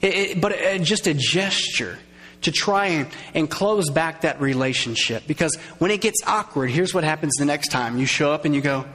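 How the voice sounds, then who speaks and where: A man preaching a sermon, conversational and lively, acting out little quoted voices and drawing in his congregation. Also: on the high side, moderate pace. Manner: conversational, acts out quoted voices, engages audience. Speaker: pastor. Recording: long reverb of a large hall.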